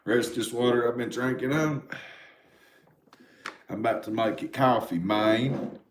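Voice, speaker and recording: An Appalachian-accented man in his forties rambles through a casual livestream, cursing freely and talking straight to his chat. His voice sits at an ordinary middle pitch. The room around him is roomy and echoing. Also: unhurried, noisy background. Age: 40s. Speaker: livestream host. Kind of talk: casual live-stream chat. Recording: roomy echo.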